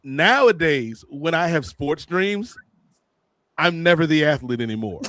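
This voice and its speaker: A man hosting a podcast, telling a long comic story in an animated, joking way and calling his co-hosts by name. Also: a little high, unhurried, no room sound. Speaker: podcast host. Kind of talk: casual comedic storytelling.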